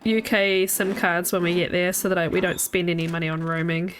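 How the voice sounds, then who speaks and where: A woman's voice: fairly low pitch, flat delivery, brisk, a little hiss or hum. Chatty woman streamer rambling while playing. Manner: rambling and chatty, trailing off and restarting. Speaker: game streamer. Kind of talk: casual gameplay commentary chatting with viewers.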